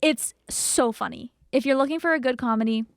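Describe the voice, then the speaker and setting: Young woman, podcast co-host, gushing casual chat, slightly high voice, dry close sound. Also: fairly quick, no room sound. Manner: gushing, enthusiastic.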